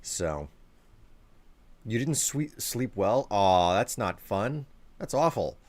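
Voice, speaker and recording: A man's voice: fairly low pitch, sing-song, takes it slowly, no echo. A man chatting casually with his live-stream viewers, sleepy and rambling as he reads and answers chat.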